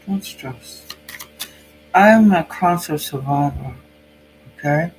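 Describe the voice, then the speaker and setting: Slow-talking Norwegian man with a cold. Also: fairly high pitch, soft background music, low-quality recording. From Norway. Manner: musing, hesitant, thinks aloud. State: has a cold. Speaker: psychic channel host. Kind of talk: tarot card reading.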